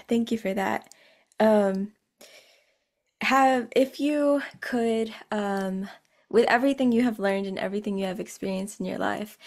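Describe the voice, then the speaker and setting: Soft-spoken woman interviewer, level tone. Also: medium pitch. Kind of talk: interview conversation.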